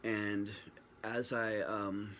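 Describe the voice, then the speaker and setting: Speaking extremely slowly and flatly in a low, fairly bright voice, a man rambles and jokes through a personal story for the camera at home, voicing other people's lines. The built-in camera mic catches slight background noise.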